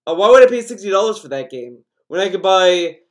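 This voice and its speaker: Male podcast host, high voice, loose profane rambling, constant restarts. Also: expressive, a little fast. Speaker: podcast host reading chat. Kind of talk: casual rambling stream chat.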